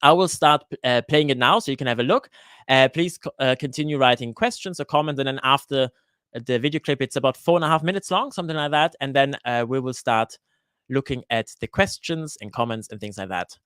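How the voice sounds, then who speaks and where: A man hosting a live Q&A for his cooking channel, chatting casually and greeting viewers by name, often pausing with "uh" and restarting his sentences. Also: mid-range voice, fairly bright tone, clear, resonant tone, no echo, studio quality. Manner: hesitant, with frequent "uh" fillers and restarts. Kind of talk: live-stream Q&A chat. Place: lives in Switzerland.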